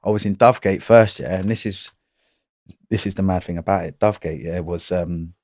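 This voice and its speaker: A man in his thirties talks through hard prison memories in blunt, streetwise slang. His voice sits low, and he peppers it with swearing and "you know what I mean". The sound is close and dry, with no room echo. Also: level tone, brisk, darkish tone. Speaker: guest telling prison stories. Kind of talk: casual interview chat.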